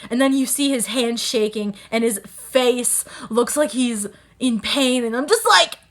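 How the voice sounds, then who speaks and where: Woman, anime recap vlogger, high voice, crisp bright tone, excitable, swears a lot. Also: normal speed. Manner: excitable, swears freely, exclaims loudly. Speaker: anime reviewer. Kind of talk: casual episode recap vlog.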